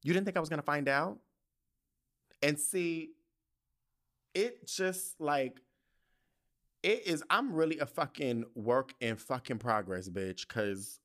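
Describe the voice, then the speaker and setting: A man's voice: medium pitch, a bit bright. A young adult man hosting a podcast, venting in a heated, profane and story-driven casual monologue. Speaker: podcast host.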